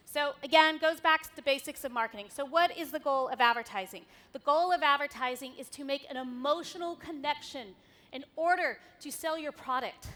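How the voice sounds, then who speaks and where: A woman's voice: sits high, sharp tone. A woman giving a candid, wry conference talk on stage, swearing casually as she goes through her slides. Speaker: conference speaker.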